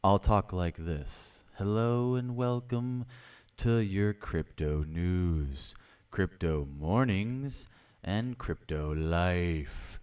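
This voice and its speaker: A man doing a deep, slow-talking male news-anchor persona, drawing out his words. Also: lively intonation, darkish tone, clean tone, exaggerated voice. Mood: smooth. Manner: slow, low, drawn-out delivery.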